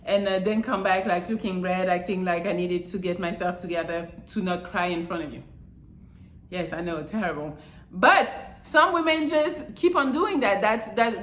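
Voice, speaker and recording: Host, female, brash and profane, mocks others in put-on voices, fairly high voice, roomy echo. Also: fairly bright tone. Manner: blunt, profane, mocking impressions. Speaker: channel host. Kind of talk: casual advice monologue. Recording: echoey room.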